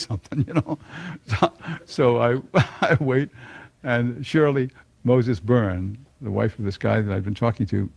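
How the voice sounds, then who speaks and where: An older man with a mid-range, darkish voice and some vocal fry tells an audience the story of his own conversion, folksy and chuckling often. It's a personal testimony, recorded with no echo.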